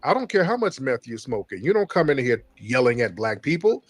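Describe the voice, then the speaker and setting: A man's voice: medium pitch, sing-song, brisk, husky, no echo. A man hosting a call-in stream, taunting and mocking a caller in a heated argument.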